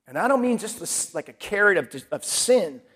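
A man with a notably high-pitched voice delivers a sermon. His talk is chatty and conversational, and he slips into voicing the thoughts of the people he describes. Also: sing-song, moderate pace, a bit bright, breathy edge. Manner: conversational, acts out quoted inner voices. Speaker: preacher.

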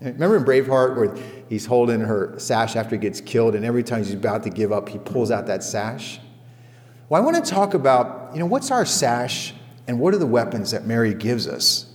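Male pastor, casual storytelling sermon, average pitch, long echo of a church hall. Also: brisk. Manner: storytelling, conversational, animated retellings. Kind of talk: sermon to a men's group.

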